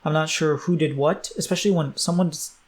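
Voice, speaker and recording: A man's voice: a little high, steady tone, a little fast. A young man teaching a language lesson in a casual, think-aloud way, with frequent fillers and self-corrections. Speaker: Korean language tutor.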